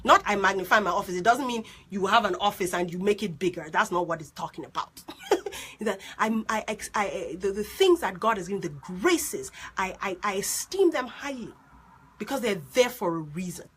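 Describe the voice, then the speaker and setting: A woman life coach with a loud, strident voice and an unusual mixed accent, telling her story in an excitable, animated way during a live stream. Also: medium pitch, moderate pace, slightly rough. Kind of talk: live-streamed motivational talk.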